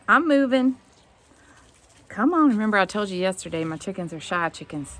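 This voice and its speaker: A woman leading a children's activity lesson, animated and talking straight to the kids. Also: mid-range voice, a little fast. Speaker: children's teacher.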